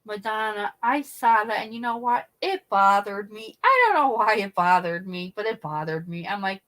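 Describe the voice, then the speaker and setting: A woman's voice: mid-range voice, lively intonation, normal speed, few pauses, fairly bright tone. Chatty middle-aged woman hosting a livestream. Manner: chatty, laughs often, acts out quoted voices. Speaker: livestream host. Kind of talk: casual chat.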